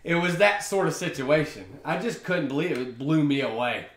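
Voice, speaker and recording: A man talks through his own podcast in a loose, slangy ramble packed with fillers. His voice sits high and bright, bouncing up and down as he goes. The room around him gives a noticeable echo. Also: expressive, normal speed. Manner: chatty, slangy storytelling with many fillers. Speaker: podcast host. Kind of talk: casual solo podcast monologue.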